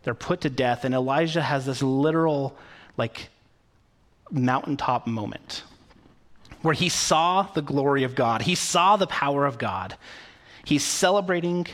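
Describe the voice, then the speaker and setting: A man's voice: mid-range voice, a little slow, fairly bright tone. Conversational male preacher telling a story. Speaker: pastor. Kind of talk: sermon.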